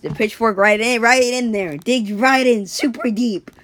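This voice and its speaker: A woman casually telling an improvised story, rambling and animated, with sound effects. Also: a little high, measured pace.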